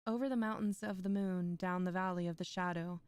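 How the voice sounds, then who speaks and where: A woman giving voice to a ghostly pilgrim shade that answers a wandering knight, solemn and measured. The voice is smooth and clear, recorded close and dry with no room sound. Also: on the low side, steady tone, a little mellow, no echo, lightly acted.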